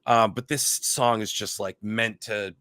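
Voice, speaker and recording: Podcast co-host, male, bright tense tone, dry mic, animated profane chatter. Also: on the low side, unhurried, dry recording. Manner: animated, profane, does mocking voices. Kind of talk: casual chat.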